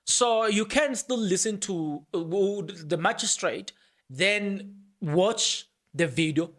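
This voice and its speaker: A podcast host gives loose, conversational commentary on a court case. The host talks on without pause, often repeating words and restarting sentences. Now and then the host reads out passages from documents. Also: mid-range voice, a bit bright. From South Africa. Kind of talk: casual commentary on court proceedings.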